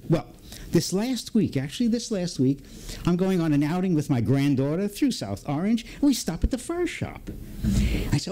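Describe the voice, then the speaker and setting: An older man telling a personal story on stage at a story slam, with dramatic pauses and acted-out dialogue. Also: a little high, sing-song, warm tone.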